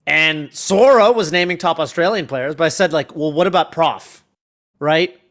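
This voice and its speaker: A man's voice: fairly high pitch, normal speed, fairly bright tone. A man co-hosting a podcast, telling rambling, self-mocking stories in casual chat. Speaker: podcast co-host.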